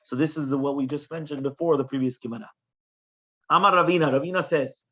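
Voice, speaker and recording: A man, a rabbi, teaching a Talmud class in an animated way, often checking in with questions. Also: a little high, fairly quick. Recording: dull lo-fi recording.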